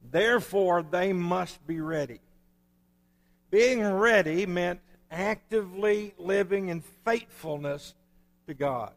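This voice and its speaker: High-voiced preacher in a reverberant church. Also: male voice, slow pace, vocal fry. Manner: storytelling preacher, folksy and conversational. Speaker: pastor. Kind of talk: sermon. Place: church sanctuary. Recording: long hall reverb.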